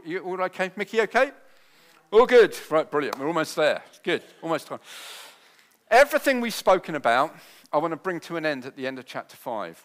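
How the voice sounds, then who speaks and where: A man preaching a sermon, his delivery moving between quiet tender passages and loud rousing ones. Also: fairly high pitch.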